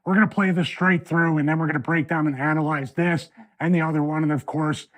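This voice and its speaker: A man hosting a video breakdown from his home studio, analyzing a wrestling match in an animated way that builds toward a rant. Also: a little high, brisk.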